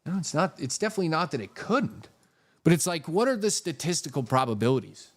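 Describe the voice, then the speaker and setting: A man's voice: fairly high pitch, sing-song, quick pace. A man hosting a live stream, talking casually through stock charts and reading viewer super chats, swearing freely. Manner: profane, jokey, reads super chats aloud.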